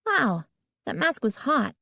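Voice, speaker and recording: A woman's voice: high voice, big pitch swings, gravelly, bright, forceful tone, dry recording, clean studio sound, pitched above the performer's own voice, exaggerated voice. A woman voicing a chatty young girl who teases with a slightly sarcastic edge. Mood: teasing. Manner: brisk, a bit sarcastic.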